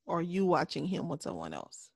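A woman co-hosting a podcast in casual chat, candid and laughing often, sometimes dropping to a soft voice. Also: on the low side, very animated, moderate pace, vocal fry, no echo. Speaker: podcast co-host.

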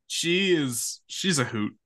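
Young male co-host, bright edgy voice, animated casual storyteller. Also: fairly high pitch, slow pace. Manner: animated, laughing, quotes friends in voices. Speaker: podcast co-host.

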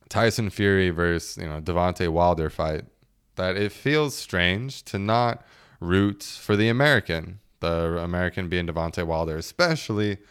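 A man in his late twenties talks through a casual solo podcast with a low, deep voice that stays smooth and resonant. He rambles from one joke to the next, swears freely and laughs often between thoughts. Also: fairly bright tone. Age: late 20s. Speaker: podcast host.

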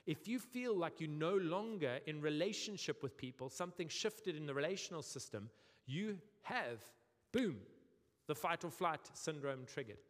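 A young man with a South African accent delivers a sermon with a slightly high voice, lively and humorous, often acting out the voices he quotes. His voice rings out with the long reverb of a church hall. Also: normal speed. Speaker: pastor.

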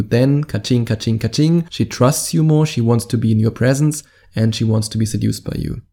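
A man's voice: medium pitch, vocal fry, mellow. A man with a German accent, speaking directly to the camera as a dating coach in an upbeat, salesy way with playful asides.

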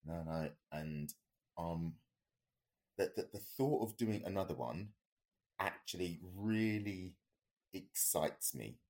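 A man's voice: low-pitched, animated, slow pace, pauses often, darkish tone. A man, a podcast co-host, telling a story in a rambling, casual way with many fillers and restarts.

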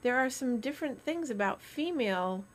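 A middle-aged woman hosting a podcast, chatting casually, animated and quick to explain and tease. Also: sits high. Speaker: podcast host. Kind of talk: casual chat.

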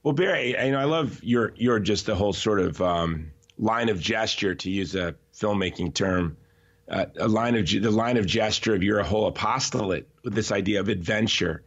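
A man talking as a podcast guest in an emphatic, animated way, often restarting his sentences. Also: fairly low pitch, moderate pace. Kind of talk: conversational podcast interview. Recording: slightly dull, lo-fi audio.

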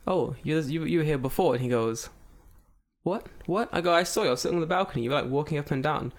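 A man's voice: on the high side, racing. A man in casual chat, telling a story with lots of swearing and acted-out voices. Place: lives in Japan.

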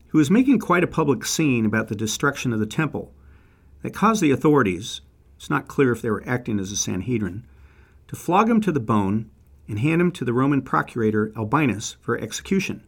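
A man's voice: mid-range voice, big pitch swings, a little fast, breathy edge. A man narrating a scripted lecture on biblical history, reading quotes aloud and adding wry asides.

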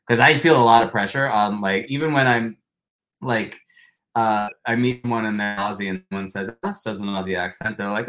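Young man, low voice, chatty guest, laughs a lot, restarts sentences. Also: steady tone, quick pace, fairly bright tone. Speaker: guest, stage actor. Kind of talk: casual interview chat.

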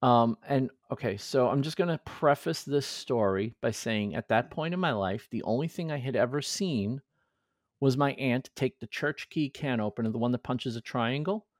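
A man in his forties hosting a podcast in casual chat, an animated storyteller who acts out the voices of people in his stories. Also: mid-range voice, moderate pace, no room sound, studio quality. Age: 40s. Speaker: podcast host.

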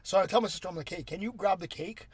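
A young man with a high-pitched voice hosts a casual podcast, telling crude stories in an animated way among friends. The sound is close and dry. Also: quick pace, breathy edge, no echo. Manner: crude, animated storytelling with laughs. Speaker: podcast host.

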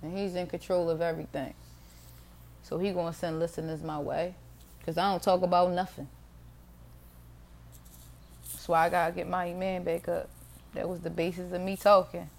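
Low, gravelly woman rambling candidly. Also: little pitch movement, moderate pace, long pauses. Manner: rambling, candid, swears freely, laughs often. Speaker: podcast host. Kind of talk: casual solo monologue.

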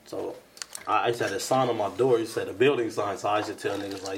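A young man with a low, gravelly voice tells a story in loose, casual podcast chat. He acts out the people in it, jumping into louder, higher bursts. A faint hiss of noise sits behind him. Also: fairly even intonation, quick pace. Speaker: podcast co-host.

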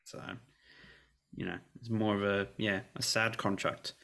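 A man's voice: fairly low pitch, little pitch movement, measured pace, vocal fry, pushed and bright. A man who is a guest on a sports podcast, chatting casually, reading out contract figures, and laughing easily.

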